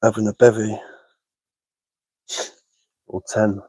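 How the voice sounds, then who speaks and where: A relaxed Englishman talks easygoing live-stream chat while he works with his hands, answering viewers as he goes. His voice sits fairly low, and the recording is close and dry with no room sound. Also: takes it slowly, breathy edge, no echo, low-quality recording. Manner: laid-back, answers chat messages aloud.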